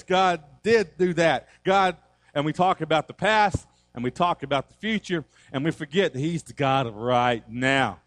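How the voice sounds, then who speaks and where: A man's voice: high voice, a bit bright, no room sound. A man preaching a sermon as a pastor in church, emphatic and repetitive, quoting scripture.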